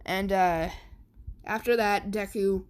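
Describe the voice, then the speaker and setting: A woman's voice: medium pitch, fairly even intonation, takes it slowly. A woman casually narrating a fan story, rambling with many fillers and restarts.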